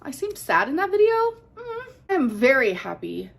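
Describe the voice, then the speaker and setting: A woman's voice: sits high, huge pitch swings, normal speed, vocal fry. A woman vlogger chatting casually to the camera, answering things said about her in a candid, defensive way. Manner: candid, defensive, emotional at times.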